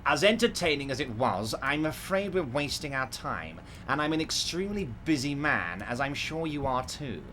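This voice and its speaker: A man voicing a large, jovial, scheming male union boss in a game playthrough, smooth and falsely reassuring. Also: medium pitch, sing-song, normal speed, few pauses, sharp tone, slight background noise, pitched above the performer's own voice. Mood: amused.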